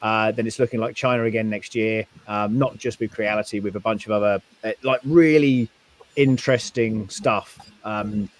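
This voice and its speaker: A man's voice: on the low side, steady tone, moderate pace. A British man, likely in his thirties, a maker and YouTuber, chatting casually on a podcast with rambling stories and many fillers. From United Kingdom.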